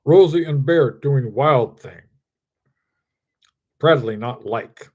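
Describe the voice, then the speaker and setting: A man's voice: mid-range voice, slow, darkish tone. A man voicing a dim-witted, hulking male circus strongman who talks of himself in the third person with crude, broken grammar. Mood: grumbling.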